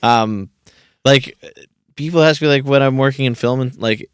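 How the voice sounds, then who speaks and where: A man hosting a podcast, talking in a relaxed, casual way with plenty of filler words. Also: medium pitch, normal speed, clean tone, dry recording, studio quality. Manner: relaxed, laid-back, heavy on filler words. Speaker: podcast host. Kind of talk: casual conversation.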